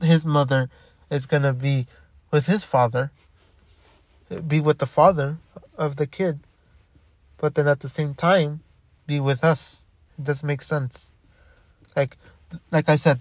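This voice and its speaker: A man's voice: on the high side, no echo. Rambling young man with a dry close sound. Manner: rambling, halting, many restarts and swearing. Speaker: podcast host. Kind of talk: solo monologue podcast.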